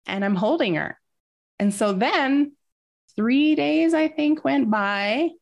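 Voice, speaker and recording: A woman's voice: high-pitched, lively intonation, slow, gravelly, highs cut off. A woman talking as a guest in a casual interview, telling a personal story in an earnest, reflective way.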